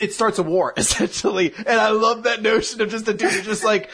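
A man with a husky, breathy edge to his voice tells stories in a casual podcast chat. He speaks with eager enthusiasm and laughs often as he goes. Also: high voice, steady tone, fairly quick, hardly any pauses, a bit bright. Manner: enthusiastic storyteller, laughing as he talks. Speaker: podcast co-host.

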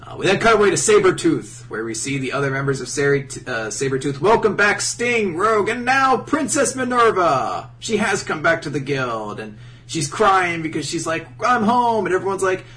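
Animated, profane man chatting, slightly distant mic. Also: on the high side, normal speed. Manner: profane, animated, mocking character voices. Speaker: podcast co-host. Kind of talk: casual chat recapping an anime.

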